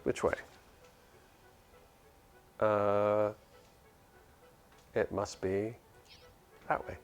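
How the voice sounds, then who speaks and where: A man casually commenting on a game as he plays, reading quest lists aloud in a low, muttering voice. His tone is gravelly, with soft music running behind him. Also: level tone, extremely slow. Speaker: game streamer. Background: faint music.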